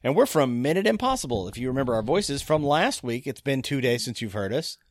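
A man's voice: mid-range voice, sing-song, brisk. A man co-hosts a chatty film podcast with a mid-range voice and a jokey, rambling delivery. He breaks off and restarts his sentences often. The sound is dry, with no room echo. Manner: jokey, rambling, self-interrupting. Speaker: podcast co-host. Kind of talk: casual chat about film.

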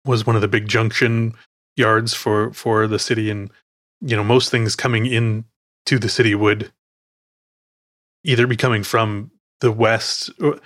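A man's voice: on the low side, flat delivery, measured pace, a bit bright, dry recording, clean studio sound. A man hosting a film podcast in casual chat, rambling, correcting himself and laughing often. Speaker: podcast host.

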